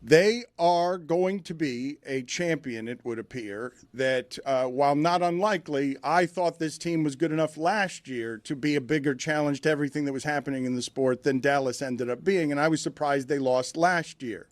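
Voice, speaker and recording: Male sports talk host with a higher voice, wordy, asks long leading questions, dry studio sound. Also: normal speed, few pauses, no echo. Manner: wordy, rhetorical questions to guest.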